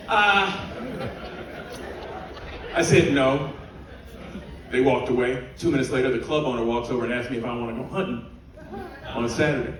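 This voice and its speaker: Stand-up comedian, echoey and distant. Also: male voice, medium pitch, normal speed, long pauses, crowd noise. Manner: animated storytelling with laughter. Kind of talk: stand-up routine. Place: cruise ship theater, live audience. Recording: echoey room from far off, audience noise.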